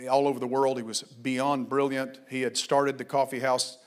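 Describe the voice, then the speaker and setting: A man preaching a sermon as pastor, fervent and exhorting, at times shouting and at times telling stories quietly. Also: medium pitch, little pitch movement, moderate pace.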